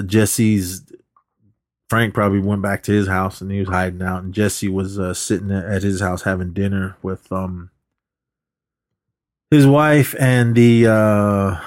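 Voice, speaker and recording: On a podcast, a male co-host with a fairly low voice casually recaps a movie plot, rambling with lots of ums, uhs and restarted sentences. The sound is close and dry, with no room tone or echo.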